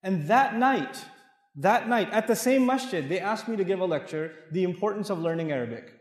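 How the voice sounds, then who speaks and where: A middle-aged Islamic lecturer delivers an animated, anecdote-filled talk to an audience in a large mosque hall, telling stories playfully and acting out dialogue. His voice is high and expressive at a moderate pace, captured from a distance in an echoey hall.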